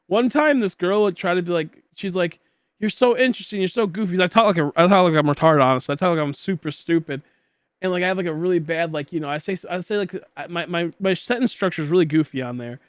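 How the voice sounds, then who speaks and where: Young male streamer from Michigan, slightly high voice, dry close sound, rambling goofy casual chatter. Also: fast talker, clean tone, dry recording. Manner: rambling, goofy, filler-heavy. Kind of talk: casual chat while gaming.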